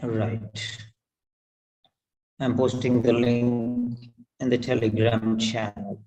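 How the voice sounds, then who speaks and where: Guy teaching pronunciation, slow, says every sound again and again. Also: medium pitch, level tone, dark tone, poor audio. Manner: repetitive, drills sounds over and over. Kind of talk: online class lecture.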